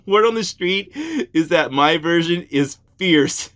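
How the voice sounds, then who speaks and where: A man hosts a casual comic show and reads reviews aloud. His voice sits a little high and swoops all over the place. He keeps dissolving into giggles and drifting off on tangents. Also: animated, takes it slowly, a bit bright. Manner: giggly, breaks into laughter while reading; rambling, wanders onto tangents. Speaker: host reading reviews aloud.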